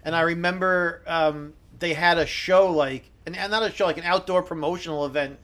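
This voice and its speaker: High-voiced man chatting excitedly. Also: normal speed. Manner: excited, laughing storyteller. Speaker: podcast co-host. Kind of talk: casual chat.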